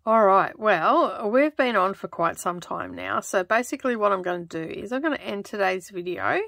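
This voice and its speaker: An Australian woman chatting casually as she stitches, rambling and laughing often, keeping her voice lowered toward a close microphone in her home craft studio. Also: animated, moderate pace, creaky, a bit bright, no echo. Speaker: craft vlogger. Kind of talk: casual chat while stitching. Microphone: close microphone in front of her.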